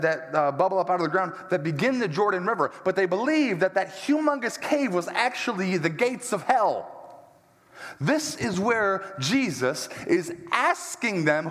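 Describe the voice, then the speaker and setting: A male pastor preaching a sermon in a church sanctuary, his slightly high voice swinging widely in pitch. He talks in an animated, emphatic way, throws in joking asides and walks around as he preaches, while a long hall reverb trails each phrase.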